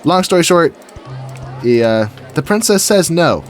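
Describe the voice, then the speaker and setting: A man's voice: on the high side, very animated, a little slow, soft background music. Goofy, chatty man narrating his game. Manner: chatty, goofy, talks to himself while building. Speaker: gaming video creator. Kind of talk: casual let's-play commentary.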